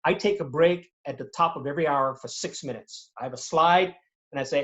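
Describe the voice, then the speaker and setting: Animated man giving webinar advice. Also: on the high side, brisk, highs cut off. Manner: animated, demonstrates tones and voices while explaining. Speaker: guest speaker on presentation skills. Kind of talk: webinar interview answers. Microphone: video call.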